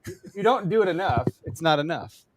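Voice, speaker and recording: A man's voice: fairly high pitch, big pitch swings, fairly quick, slightly rough, no room sound. A man hosting a live podcast in casual chat, rambling and joking with frequent laughs. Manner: rambling, jokey, laughs often. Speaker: podcast host. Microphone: studio mic.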